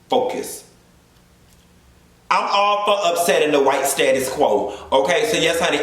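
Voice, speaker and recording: A high-voiced man, sassy and flamboyant, ranting through a profane comedic recap of a reality show. The sound is very echoey, as if spoken in a bare room. He throws in drawn-out asides and mock sermons as he talks. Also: fairly bright tone. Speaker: reality TV commentator.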